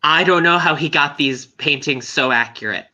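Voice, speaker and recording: A man's voice: fairly high pitch, moderate pace, sharp tone. A man playing in a tabletop game, hesitant when he asks and clipped in character. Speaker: player. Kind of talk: tabletop role-play.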